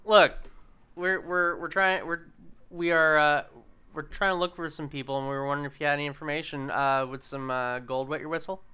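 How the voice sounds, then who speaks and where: A man's voice: a little high, steady tone, bright, forceful tone, clean tone. A man playing a tabletop game, joking and swearing as he talks through his character's actions. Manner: joking, swearing, quick to protest. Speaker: player.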